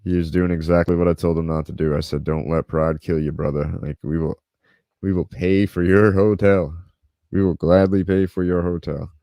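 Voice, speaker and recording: Speaking at a moderate pace in a low, steady, dark voice, a podcast host tells a laid-back story, cursing freely and acting out quotes. The sound is studio quality with no room sound.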